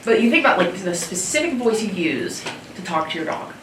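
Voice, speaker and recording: A woman in the audience making a relaxed, conversational comment during a lecture discussion. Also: fairly low pitch, a little fast, background noise. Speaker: audience member. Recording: echoey hall, far from mic.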